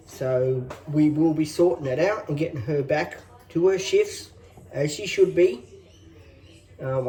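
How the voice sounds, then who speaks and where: A man's voice: a little high, mellow, distant mic. A man in his fifties hosting a casual phone vlog, rambling on with lots of fillers in a reassuring tone. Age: 50s. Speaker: channel host.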